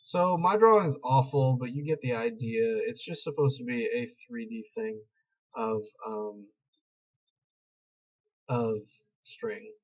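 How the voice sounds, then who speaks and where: A man's voice: medium pitch, slow. A young man giving a casual screen-recorded tutorial, rambling and self-deprecating as he explains. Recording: slightly dull lo-fi mic.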